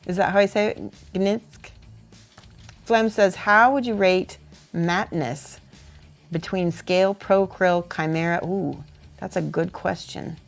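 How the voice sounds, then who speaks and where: Woman, lowish voice, casual livestream chat, reading viewer messages aloud, painting at a desk. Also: a little slow, creaky, faint music behind. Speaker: miniature painting streamer.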